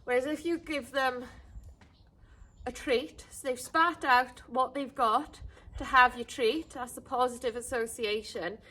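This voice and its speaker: High-voiced woman teaching dog training. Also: a little slow. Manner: explains calmly, then calls the dog in high sing-song bursts. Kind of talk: outdoor dog training lesson.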